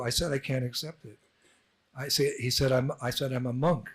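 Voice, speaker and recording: A man's voice: medium pitch, steady tone, moderate pace, husky. A man, a monk, giving an informal temple address, telling anecdotes and acting out the dialogue. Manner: storytelling, acts out dialogue with laughs. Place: temple hall.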